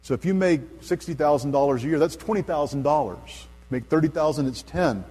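A man's voice: fast talker, breathy edge. Earnest preacher man in a reverberant hall. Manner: earnest, builds to emphatic peaks, then drops soft and low for stories. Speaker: pastor. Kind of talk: sermon.

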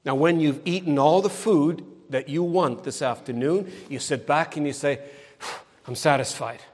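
A man's voice: on the high side, normal speed, darkish tone. A middle-aged man preaching a sermon, emphatic and pointed, often turning his statements into sarcastic tag questions. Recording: long hall reverb.

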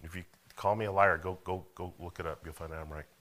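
A man's voice: sits low, fairly even intonation, fast talker, a bit bright. A man preaching a sermon in a church, folksy and full of rhetorical questions and calls for amen. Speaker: pastor. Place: church sanctuary.

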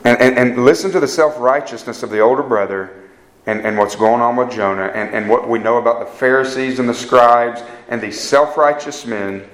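A man's voice: medium pitch, normal speed, fairly bright tone. A man preaching a sermon in a conversational way, often repeating words and acting out quoted speakers. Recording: echoey room.

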